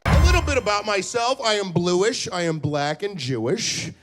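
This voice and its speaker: A man's voice: high voice, lively intonation, normal speed, over loud music. A man doing a stand-up set in a comedy club, crude and rambling, slipping into goofy voices. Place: comedy club stage before a laughing crowd. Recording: live club recording with crowd and hum.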